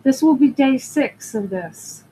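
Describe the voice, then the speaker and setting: Older woman, live-stream seller, unhurried chatty storytelling, higher-pitched voice, faint hiss behind her. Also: lively intonation, dark tone, rough recording. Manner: chatty, rambling storyteller who greets viewers. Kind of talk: casual live-stream chat.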